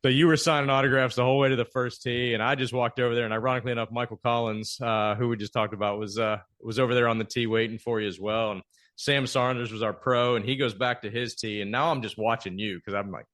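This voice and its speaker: Male podcast host, casual storyteller, mid-pitched voice, acts out the dialogue. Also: fast talker. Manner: animated storyteller, acts out quoted lines.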